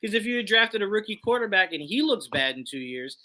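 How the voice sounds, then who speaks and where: Emphatic bright-voiced man debating. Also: high voice, sing-song, fast. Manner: emphatic, poses and answers his own rhetorical questions. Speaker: podcast co-host. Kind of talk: casual live sports chat.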